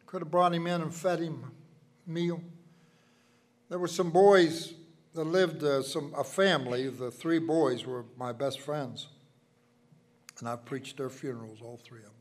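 A man's voice: a little high, steady tone, unhurried, long pauses. Folksy older preacher man. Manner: folksy, swings from loud emphasis to hushed asides. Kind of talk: sermon with personal storytelling.

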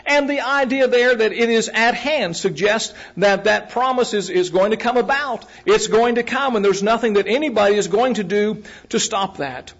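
A man preaching a sermon in a measured way, repeating key phrases for emphasis and asking the congregation direct questions. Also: high-pitched, fairly bright tone. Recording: muffled, lo-fi recording.

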